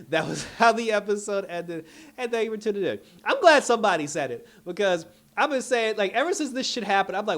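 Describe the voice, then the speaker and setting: Animated man recapping a show. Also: high voice, fairly quick. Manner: animated storytelling, acts out characters' lines, laughs often. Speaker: show reviewer. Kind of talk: casual episode recap.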